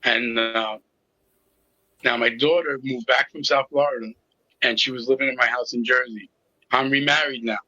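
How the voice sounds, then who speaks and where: A man's voice: mid-range voice, fairly even intonation, moderate pace, long pauses, bright, forceful tone, dry recording, dull audio. A middle-aged man telling his personal story as an interview guest, candid and with a sarcastic sense of humor. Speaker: interview guest, recovery coach.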